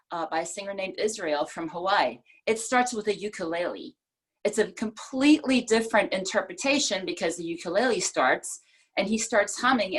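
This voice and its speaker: A woman's voice: mid-range voice, breathy edge. A woman giving a prepared club speech over a video call, talking expressively and playing with which words she stresses. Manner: expressive, demonstrates emphasis by changing stress. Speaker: speech presenter.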